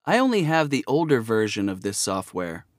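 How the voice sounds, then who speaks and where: A man reading vocabulary example sentences for a lesson, clear and explanatory. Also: lowish voice, sing-song, moderate pace, dry recording, clean studio sound.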